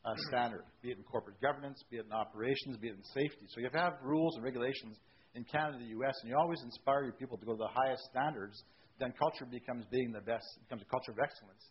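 A man's voice: medium pitch, racing, highs cut off, slight background noise. A man, a railway executive, telling jokey anecdotes on a discussion panel.

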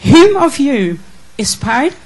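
A woman from the Netherlands, asking an earnest, emotional question at a conference Q&A with many halting restarts. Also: sits high, very animated, darkish tone, rough recording. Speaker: audience member asking a question.

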